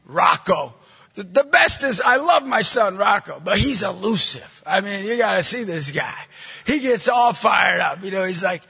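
A middle-aged man, a Catholic evangelist, preaching energetically to a live audience, telling jokey stories and bursting into loud emphasis. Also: sits high, normal speed, vocal fry, breathy edge. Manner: punchy, jokey storyteller, bursts into shouting emphasis. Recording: long hall reverb from a large venue.

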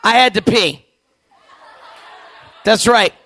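A man in his forties telling a funny story to a youth camp crowd, animated and acting out the voices, with quick asides to the audience. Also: sits high, no echo. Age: 40s. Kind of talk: comedic storytelling to a live audience.

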